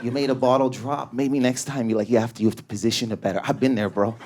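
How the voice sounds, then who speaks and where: A man's voice: mid-range voice, fairly even intonation, fast talker, very noisy. A man doing stand-up comedy on a club stage, telling stories with frantic, raging energy and sudden shifts in tone. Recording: live club with crowd laughter.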